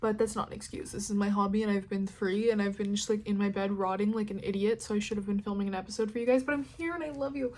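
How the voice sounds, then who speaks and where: A young California woman with a Californian American accent hosts a casual solo podcast, rambling candidly and swearing a lot with dramatic swings in loudness. Her medium-pitched voice stays level in tone, and she talks quickly with hardly any pauses.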